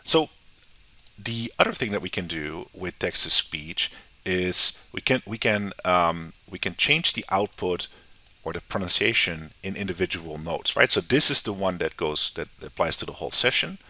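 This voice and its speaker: Deep-voiced man teaching casually. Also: moderate pace. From United States. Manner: relaxed, conversational, often tags sentences with "right?". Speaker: software tutorial instructor. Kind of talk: screen-recorded software tutorial.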